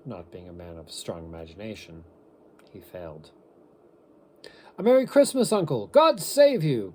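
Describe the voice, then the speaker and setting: Male amateur reader, expressive storytelling with a low, mellow voice. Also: slight background noise. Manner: expressive, shifting pace, occasional stumbles. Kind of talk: amateur dramatic reading of a classic story.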